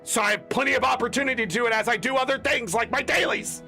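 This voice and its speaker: A man's voice: very high voice, quick pace, vocal fry, pushed and bright, soft background music. A man ranting in exasperated, emphatic commentary as a gaming content creator, swearing often.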